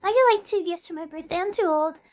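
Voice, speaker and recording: Super high-pitched girl in her 20s rambling on stream, giggly, teases herself, says hi to chat. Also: fast, a little mellow. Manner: rambling, giggly, self-deprecating, greets chat. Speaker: VTuber streamer. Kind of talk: casual live-stream chat.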